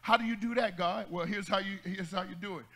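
A man preaching an energetic church sermon, calling out to the congregation and rising into shouts as he jokes and exhorts. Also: sits high, a little fast. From United States. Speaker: pastor.

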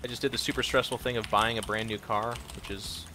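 A man co-hosting a casual gaming podcast who chats and tells jokes in a matter-of-fact, deadpan way. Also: on the low side, quick pace, slight background noise. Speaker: co-host.

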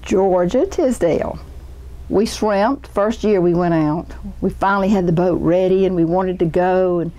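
A woman's voice: fairly low pitch, a little slow, warm tone, rough recording. A woman telling a chatty story about shrimping in an interview. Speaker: former shrimper.

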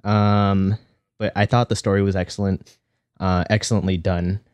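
A man co-hosting a casual podcast chat, reviewing an episode in a thoughtful, halting way with repeated words. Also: low voice, flat delivery, darkish tone, smooth, no echo. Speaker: podcast co-host.

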